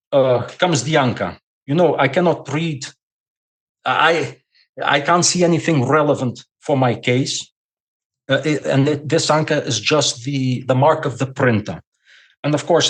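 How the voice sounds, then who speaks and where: With a mid-range, slightly rough voice and a measured pace, this Portuguese-accented man speaks English as a second language. He's a podcast guest who explains things at length, repeating words as he thinks.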